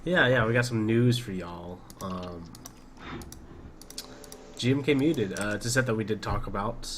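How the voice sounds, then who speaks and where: A man with a fairly low voice reading out news on a casual podcast, upbeat and keen. Clear background noise sits under his audio. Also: a little slow, fairly bright tone.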